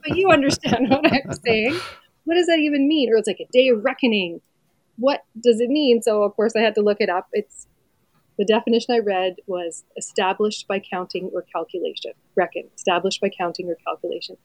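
A woman's voice: mid-range voice, no echo. Earnest reflective woman, dry sound. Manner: earnest, reflective, laughs softly while talking. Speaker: mother sharing a reflection. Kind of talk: faith podcast conversation.

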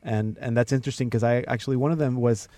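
A man hosting a radio show in casual chat, reading listener prayers out slowly. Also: medium pitch, fairly even intonation, warm tone, no echo. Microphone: studio microphone.

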